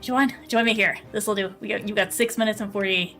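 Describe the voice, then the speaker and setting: A bubbly woman streaming a game talks casually to her chat and a teammate, full of fillers and laughter. Her voice sits at a middle pitch, and soft music plays faintly underneath. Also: steady tone, fairly quick. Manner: chatty and bubbly, laughs often, many fillers. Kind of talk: casual live-stream chat while gaming.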